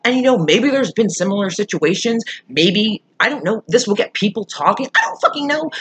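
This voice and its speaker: An irate vlogger rants through a storytime with a husky, slightly rough voice at a middling pitch. The delivery is emphatic and full of swearing, jumping from loud outbursts to quiet muttering. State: irate and upset. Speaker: YouTuber. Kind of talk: storytime vlog rant.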